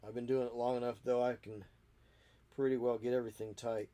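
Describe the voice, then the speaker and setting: A man's voice: medium pitch, level tone, brisk, warm tone. A man with a stuffy, sniffly nose chatting casually and wryly while building models at home, grumbling about the kit. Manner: wry, self-mocking, grumbles at the kit. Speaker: miniature model hobbyist. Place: home hobby space.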